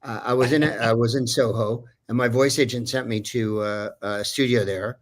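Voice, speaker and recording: Male voice actor as a chatty guest, rambling through a story, full of fillers, mid-pitched. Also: fairly even intonation, moderate pace. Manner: rambling, digressive, many fillers. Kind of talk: casual anecdote telling.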